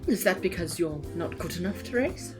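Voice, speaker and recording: A woman's voice: on the low side, big pitch swings, normal speed, a little mellow, faint music behind. A woman playing a tabletop game, with playful, giggly banter. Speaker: player. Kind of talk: in-character tabletop role-play.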